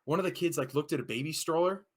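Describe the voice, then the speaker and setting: A man's voice: a little high, quick pace. A young man on a casual podcast, telling a story with lots of swearing and acting out what people said. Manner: animated storyteller, swears a lot, acts out quotes. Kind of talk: casual chat.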